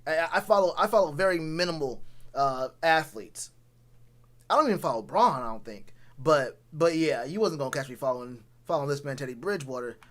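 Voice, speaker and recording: A man with a notably high-pitched voice talks straight to his live chat in a loose sports rant. He is blunt and full of slang, and he circles back on his own phrases to drive a point home. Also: expressive, brisk, a bit bright. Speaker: sports commentary streamer.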